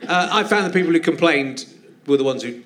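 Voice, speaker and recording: A man's voice: fairly high pitch, expressive, fairly quick, background noise. A man hosting a live podcast, talking about his interests in an earnest, chatty and reflective way. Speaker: podcast host.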